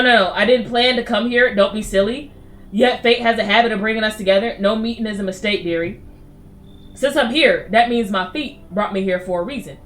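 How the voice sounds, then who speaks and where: A woman's voice: medium pitch, a bit bright, a little hiss or hum, close to an everyday voice. A woman voicing a weary, sweet but pushy old woman visitor who keeps calling people dearie. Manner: calls everyone dearie, chatty and coaxing.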